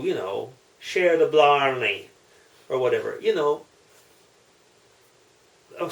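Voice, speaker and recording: A man telling jokes in a casual video, chatty and commenting on his own stories. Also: fairly high pitch. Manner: chatty, unhurried, self-commenting. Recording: echoey room, distant mic.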